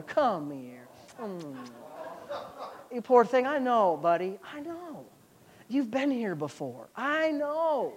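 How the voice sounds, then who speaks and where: A woman voicing Jesus as a gentle man who softly comforts his frightened followers. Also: medium pitch. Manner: soft, tender, soothing.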